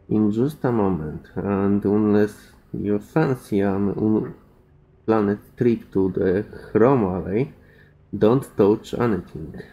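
A non-native English-speaking man voicing a calm, polite male engineer in a game, in a measured, slightly halting read. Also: lowish voice, lo-fi sound. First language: not English. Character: calm, courteous male engineer, cool-headed.

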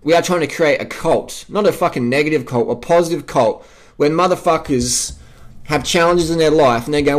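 A man's voice: fairly high pitch, moderate pace. An Australian man vlogging an unscripted rant, emphatic and profane, hammering his points by repeating phrases. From South Australia.

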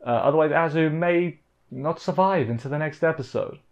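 A man's voice: a little high, normal speed. A man giving a rambling, casual anime episode recap on a live stream, full of jokey asides. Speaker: anime reviewer.

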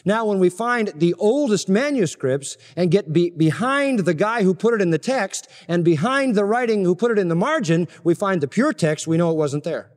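An older man preaching an expository sermon, swinging from loud emphasis to hushed, low lines. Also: lively intonation, moderate pace, few pauses. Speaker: pastor. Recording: reverberant hall recording.

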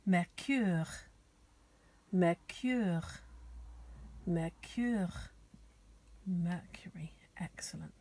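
A woman teaching young children in a slow, encouraging way that often drops to a whisper. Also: fairly low pitch, warm tone, breathy edge. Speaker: primary school teacher.

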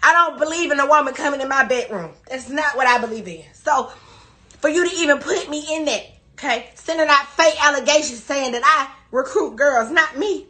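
With a high, bright voice and a forceful tone at normal speed, this woman vents on a livestream, cursing heavily and insisting on her denials over and over.

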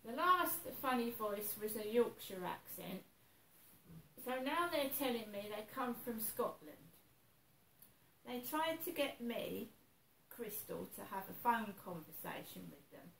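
A woman's voice: on the high side, sing-song, measured pace, gravelly, fairly bright tone. Anxious woman in an echoey room. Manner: worried, repeats herself, hesitant. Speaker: vlogger. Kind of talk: anxious personal vlog. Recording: echoey room, voice a bit far from mic, faint noise.

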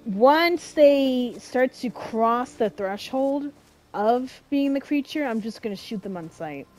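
A woman narrates her own gameplay in a loose, talkative way. She reacts out loud to what happens and swears now and then. Her voice is a bit high and her pace is slow and unhurried. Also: expressive, soft background music, rough recording. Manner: chatty, reactive, swears casually. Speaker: gameplay streamer. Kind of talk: let's-play commentary.

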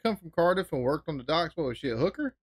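A man's voice: a little high, big pitch swings, fast talker, very noisy. A man hosting a reaction video, chatting casually and laughing along. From United States. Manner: laughing, drawling and amused.

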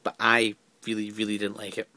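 A man's voice: fairly low pitch, completely flat delivery, brisk, pushed and bright, dry recording. A man giving an exasperated, rambling film review full of stammered restarts. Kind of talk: casual video review.

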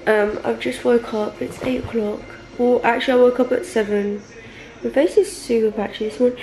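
A woman's voice: a little high, steady tone, normal speed, a little mellow. A young woman of 21, gushing happily through a casual birthday vlog at home. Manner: bubbly and gushing. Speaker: vlogger.

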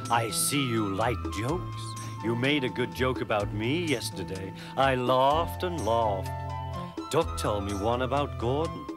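Male narrator as a sly, arrogant cartoon diesel, slow and smug. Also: medium pitch, lively intonation, over music, lightly acted. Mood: scheming. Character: boastful scheming male diesel engine.

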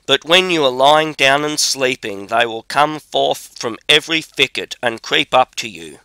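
A man's voice: medium pitch, expressive, normal speed, pushed and bright, smooth, no echo. A man reading as a bold young drummer. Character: brave, boastful young male drummer.

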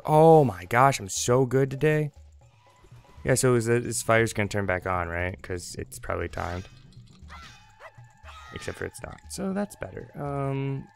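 Gravelly young man rambling over gameplay. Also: medium pitch. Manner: rambling, jokey, talks to the game. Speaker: let's play host. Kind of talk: casual gameplay commentary.

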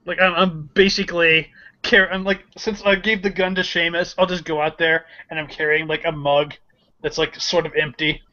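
A male player rambles through his turn in a tabletop game, hedging as he goes. His voice is high and bright. The recording is dull and lo-fi. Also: level tone, normal speed. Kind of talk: casual tabletop play.

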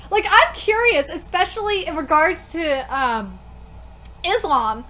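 A young woman reacting live to a manga, excitable and swearing freely, often breaking into shrieks. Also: sits high, slow.

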